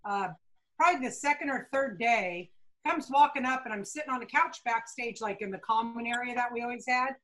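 A woman's voice: a little high, a little fast, rough recording. A woman guest in casual conversation, telling an anecdote and acting out what others said. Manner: animated storyteller, acts out others' lines.

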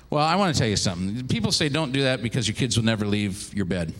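A man's voice: mid-range voice, lively intonation, fast. A middle-aged man preaching a sermon, talking earnestly and telling stories with animation. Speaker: pastor.

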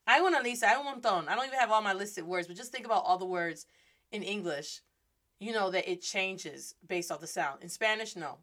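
A woman's voice: mid-range voice, normal speed, pushed and bright. A woman hosts a playful Spanish lesson, moving between English and Spanish with rhythm and humor. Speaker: Spanish teacher and host. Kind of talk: lively language lesson.

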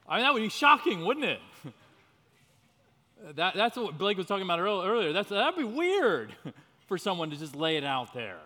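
A man's voice: high voice, very animated, moderate pace, bright, forceful tone. A man leading a church parenting workshop, speaking in an earnest teaching manner, often breaking into laughs. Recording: reverberant hall.

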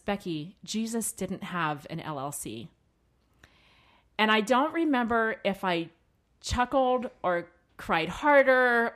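A middle-aged woman hosting a casual chat, candidly telling a personal story and quoting her husband. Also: medium pitch. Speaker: podcast co-host.

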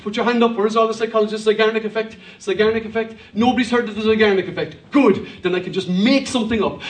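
A man's voice: high voice, fairly bright tone. A male pastor preaching a sermon emphatically, with rhetorical questions and humor, in a church hall. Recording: echoey hall, voice from a distance.

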